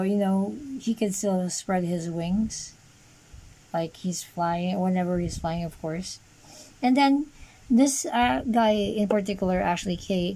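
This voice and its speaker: A woman's voice: mid-range voice, gravelly, warm tone, rough recording. A woman casually reviewing an action figure on camera, rambling with lots of fillers and dry sarcastic asides. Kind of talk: casual unscripted toy review.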